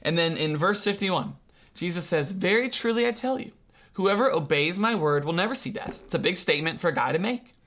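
Preacher mid sermon, earnest and emphatic, mid pitch, repeats himself a lot, throws questions at the crowd. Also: fairly bright tone. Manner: repeats and restarts phrases, slows for emphasis.

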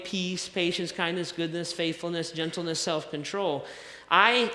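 Bright-voiced male pastor in echoey hall. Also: high voice. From American South. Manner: conversational, self-deprecating preaching with repetitions. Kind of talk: sermon. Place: church sanctuary. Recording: echoey hall with long reverb.

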